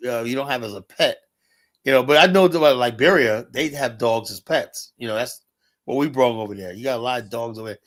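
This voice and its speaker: A man's voice: medium pitch, fast talker. A man hosting a casual streamed talk show, telling loose, profane stories and acting out quotes. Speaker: podcast host. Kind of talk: casual storytelling chat. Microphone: remote stream call.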